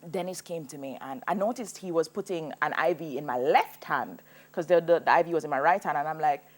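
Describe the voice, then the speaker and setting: A woman in her thirties, a singer telling her own story as a TV guest, animated and laughing as she goes. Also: deep voice, brisk. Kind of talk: personal storytelling in a TV interview.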